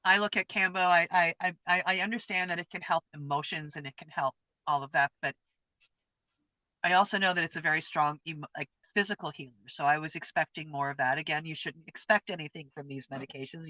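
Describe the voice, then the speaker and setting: A woman's voice: sits low, steady tone, brisk, sharp tone, no room sound. A woman in her fifties co-hosting a casual chat, telling a personal experience in an earnest, open, heartfelt way. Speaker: co-host. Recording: dull lo-fi, dry sound.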